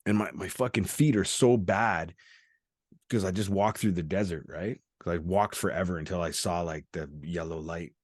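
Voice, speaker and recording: A man's voice: low-pitched, moderate pace, dry recording, clean studio sound. A middle-aged man from Canada telling a rambling, profane story in a candid chat, laughing often and acting out the people he quotes. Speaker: podcast host.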